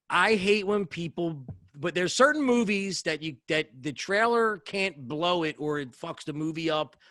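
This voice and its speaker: A man's voice: fairly high pitch, fairly bright tone, no echo. A man co-hosting a podcast, rambling in casual chat and swearing heavily for emphasis. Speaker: podcast co-host.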